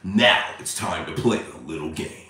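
A man voicing a sinister, deep-voiced male horror-movie puppet master who speaks slowly in a menacing hush. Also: recorded from a distance. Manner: slow, menacing, hushed. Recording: echoey room, away from mic.

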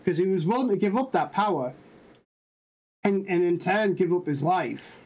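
Brief: young male host, higher voice, casual eager chatter. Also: normal speed, muffled recording. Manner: excited, speculative chatter. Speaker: reaction channel host. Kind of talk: casual reaction chat.

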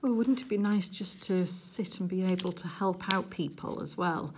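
A middle-aged woman from England chatting casually to viewers while she crafts, giggly and easily excited. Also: on the low side, normal speed, slight background noise. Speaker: crafting vlogger.

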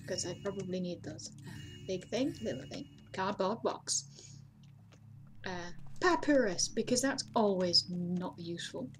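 A woman hosting a let's play, talking casually and mocking herself, with sudden high exclamations. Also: slight background noise. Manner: chatty, self-mocking, bursts into high exclamations. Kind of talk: casual gameplay commentary.

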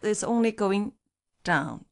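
Slow-spoken teacher woman, gravelly. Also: medium pitch, animated. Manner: patient, repeats syllables slowly, laughs easily. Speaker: Chinese teacher. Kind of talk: slow pronunciation drill.

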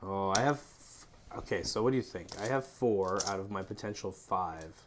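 A man's voice: low voice, normal speed, background noise. A man playing a board game on a live stream, eagerly asking rule questions and laughing often in casual chat.

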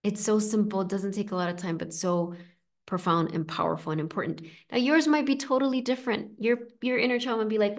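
Gentle, reassuring woman coach. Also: mid-range voice, brisk. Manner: gentle, reassuring, conversational with frequent fillers. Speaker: inner child coach. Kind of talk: live coaching session, reading chat comments.

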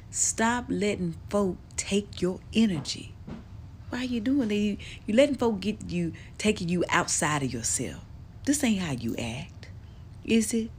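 A middle-aged woman giving a slow, gentle, affectionate motivational talk to the listener. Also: low-pitched. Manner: slow, soft, affectionate, drawling speech with many endearments. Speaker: motivational speaker. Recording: faint background noise.

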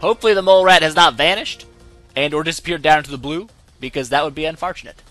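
Excitable young gaming host, bright and high-ish, talks over soft game music. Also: male voice, fast. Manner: excitable, yelps and laughs when in trouble. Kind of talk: let's play commentary.

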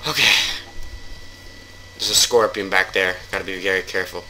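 A man's voice: deep voice, steady tone, normal speed, pushed and bright, rough recording. A man giving casual let's-play commentary while he plays, rambling and joking, then taking his jokes back. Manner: rambling, jokey, keeps taking things back. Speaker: gamer.

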